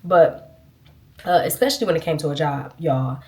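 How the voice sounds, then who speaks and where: A woman's voice: low-pitched, moderate pace, a little mellow. A woman giving a casual, earnest faith testimony to her viewers, sniffling a little as she talks. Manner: earnest, chatty, addresses viewers as y'all. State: sniffling, itchy nose. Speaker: vlogger.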